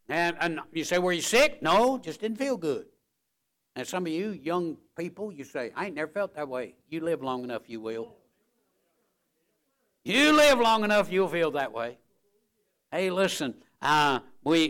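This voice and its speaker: An older male pastor preaching a sermon, emphatic and repetitive, checking in with the congregation with "all right?". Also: mid-range voice.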